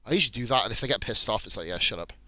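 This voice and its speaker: A young man with a very bright, cutting voice talks his way through a game session. He chats loosely, swears freely and mutters asides to himself, with a faint hiss behind him. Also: mid-range voice, racing. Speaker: gaming channel host. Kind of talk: casual gameplay commentary.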